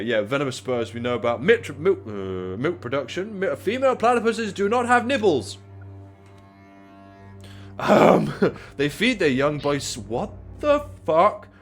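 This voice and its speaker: Excitable, swearing young man. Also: on the high side. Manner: excitable, swears a lot, reads facts aloud and riffs. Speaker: podcast co-host. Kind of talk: casual comedic chat.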